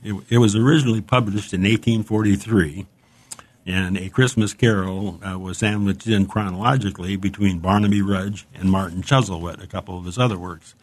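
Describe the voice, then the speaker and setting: A man's voice: low-pitched, steady tone, a little fast. A man hosting a casual book chat, enthusiastic and rambling, who stops now and then to read passages aloud. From United States. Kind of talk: casual chat about books.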